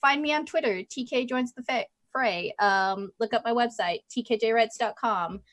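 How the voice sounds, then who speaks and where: A woman at a game table speaks playfully and makes fun of herself. Her voice sits a bit high and sounds dry and close. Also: moderate pace, a bit bright, no echo. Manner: playful and self-mocking, giggly. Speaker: podcast player. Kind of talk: casual podcast chat.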